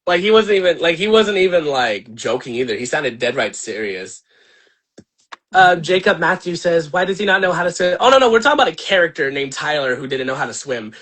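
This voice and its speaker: Young male host, casual livestream rant, husky tone, very lively intonation, rambling and profane. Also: fairly high pitch, a little fast. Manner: animated, profane, rambling with many fillers. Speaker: channel host and filmmaker.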